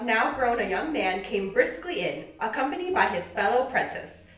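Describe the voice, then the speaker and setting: A woman reading a classic novel aloud with lively delivery and playful side comments. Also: a little high, moderate pace, hardly any pauses. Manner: lively, laughs often, acts out quoted lines. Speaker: library podcast reader. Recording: roomy sound from a distant mic with music.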